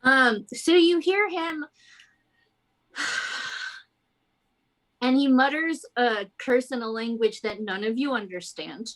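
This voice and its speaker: A woman's voice: high-pitched, moderate pace, few pauses, fairly bright tone, rough recording. A woman running a tabletop game as game master, narrating casually with lots of fillers.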